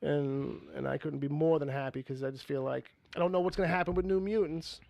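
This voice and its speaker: A man's voice: on the high side, fairly even intonation, a little fast, creaky, darkish tone, no echo. A man co-hosting a podcast, rambling casually about movie news, with frequent swearing and laughter. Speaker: podcast co-host.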